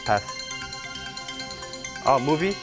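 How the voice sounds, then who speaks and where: Halting, very slow male quiz contestant. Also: medium pitch, lively intonation, over music. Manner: halting, many fillers while searching for words. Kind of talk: giving clues in a speed quiz.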